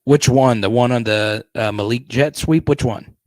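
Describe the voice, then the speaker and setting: A man's voice: medium pitch, normal speed, a little mellow, dry recording. Chatty male live stream host. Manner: chatty, reads and answers viewer comments. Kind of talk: casual live stream chat.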